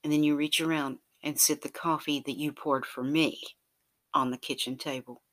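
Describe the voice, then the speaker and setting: Steady in tone and at normal speed, this mid-range narrator delivers a second-person romance audio story. It's soft and close, regularly easing into breathy whispers.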